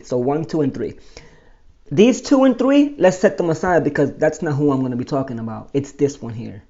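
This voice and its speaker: A man casually telling his own life story as host, animated and explaining step by step. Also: medium pitch, muffled recording. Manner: animated, explains with pointing and numbering.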